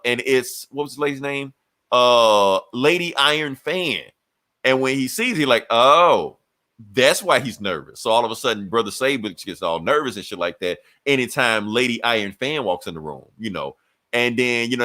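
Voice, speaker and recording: A man co-hosting a podcast, retelling a comic book story and jumping into quick voices for each character. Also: medium pitch, fairly bright tone. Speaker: podcast co-host. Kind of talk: animated comic book recap.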